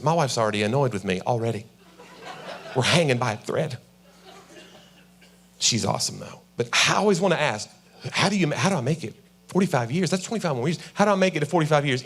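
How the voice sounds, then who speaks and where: Speaking in a mid-range, fairly bright voice, a forty-something man delivers stand-up in a church auditorium with an audience present. He addresses the crowd casually and slips into his wife's voice and his own to act out small moments.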